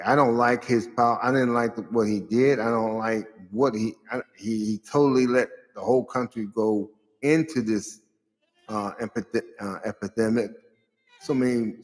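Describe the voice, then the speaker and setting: A man hosting his own show, giving a casual political commentary monologue that rambles, searches for words and turns sarcastic with loud outbursts. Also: medium pitch. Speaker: show host. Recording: long reverb with faint music behind.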